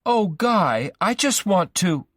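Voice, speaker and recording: Bruno, a man doing a high, pushy stalker. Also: very animated, slow, fairly bright tone, no room sound, exaggerated voice. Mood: insistent. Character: obsessive, menacing young man stalker.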